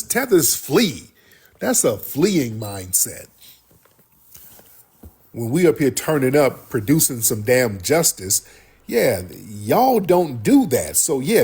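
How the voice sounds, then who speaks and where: Husky, animated man ranting on a livestream. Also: fairly high pitch. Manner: blunt, profane, animated ranting to viewers. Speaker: livestream host. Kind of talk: heated livestream commentary.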